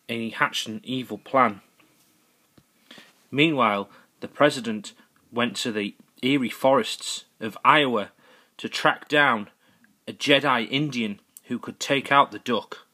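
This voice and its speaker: Bright-voiced man telling a goofy story. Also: medium pitch, unhurried. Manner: goofy, rambling, self-correcting. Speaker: narrator. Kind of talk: improvised comic storytelling.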